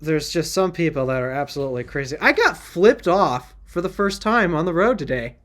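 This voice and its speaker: A man's voice: on the high side, expressive, a little fast, a bit bright. Earnest, rambling man co-hosting a podcast. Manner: earnest, rambling storyteller with restarts. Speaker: podcast co-host. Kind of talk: casual podcast chat.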